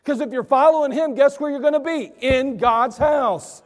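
A man preaching a sermon as pastor, animated, asking and answering his own questions. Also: extremely high pitch, moderate pace. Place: church sanctuary. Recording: echoey church hall.

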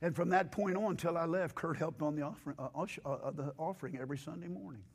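A male pastor preaching a sermon in a church with impassioned, rising delivery, hoarse from losing his voice. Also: a little high, quick pace.

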